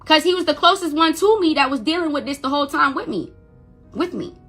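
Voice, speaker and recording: A woman's voice: high voice, expressive, a little fast, a bit bright, faint music behind. A young adult woman, a mother, telling an emotional first-person story, stuttering and repeating words when upset and quoting others as she goes.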